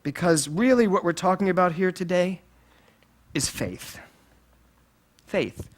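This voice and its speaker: A middle-aged man preaching a sermon as minister of a spiritual center, playful and animated, often laughing through his points. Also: sits high, a little slow, slight background noise.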